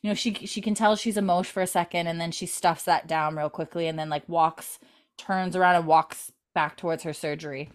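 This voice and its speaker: A woman's voice: fairly low pitch, steady tone, a little fast. A woman podcast host casually recapping a TV episode in a chatty way, full of fillers. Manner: chatty, many fillers, retells scenes.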